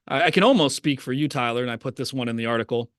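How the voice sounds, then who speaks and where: A man's voice: mid-range voice, very fast, no echo, clean studio sound. A man co-hosting a podcast, chatting casually in a rambling way with many fillers and restarts. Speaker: podcast co-host, writer. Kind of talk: casual chat.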